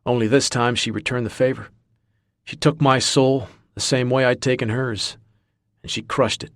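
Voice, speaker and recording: A man narrating a romance audiobook in the first person, brooding and low-key. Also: steady tone, normal speed, a bit bright, no room sound, studio quality.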